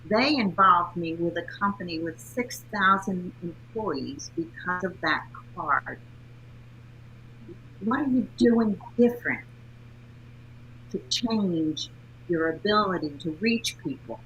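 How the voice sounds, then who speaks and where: A woman's voice: on the low side, lively intonation, slow, fairly bright tone, dull audio, a little hiss or hum. A woman, a guest speaker and author, telling upbeat anecdotes in a casual interview.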